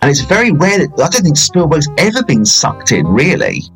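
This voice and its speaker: A man's voice: fairly high pitch, huge pitch swings, a little fast, a bit bright, soft background music, low-quality recording. A man, a film reviewer, chatting casually on a podcast, rambling with fillers and playful banter.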